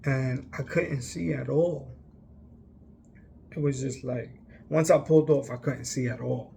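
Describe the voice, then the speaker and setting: A man's voice: mid-range voice, fairly even intonation, a little slow, vocal fry, mellow, slight background noise. A young man telling a long personal story in a casual, rambling way, emphatic and full of fillers. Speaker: vlogger.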